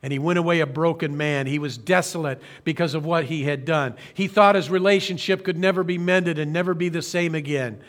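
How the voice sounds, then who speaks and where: Male pastor with a higher-pitched voice, earnest and slow-phrased sermon delivery, occasional self-corrections. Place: church streaming service.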